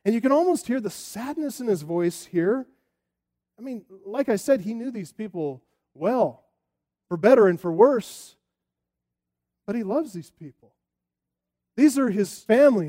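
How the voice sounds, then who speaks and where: Male pastor, sermon delivery: high-pitched, warm, expressive, rhetorical. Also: unhurried, pauses often. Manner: expressive preaching with rhetorical questions.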